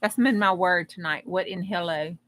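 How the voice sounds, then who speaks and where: A woman's voice: lowish voice, normal speed, a bit bright, a little hiss or hum. A woman hosting a live crafting stream, chatting casually and rambling with folksy humor. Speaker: crafting livestream host. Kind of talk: casual livestream chat.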